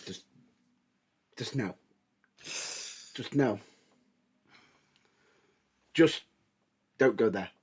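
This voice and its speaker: A man's voice: lowish voice, very slow, pauses often, slightly rough. A man co-hosting a casual wrestling podcast who teases his co-host in a playful way. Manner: teasing, playful.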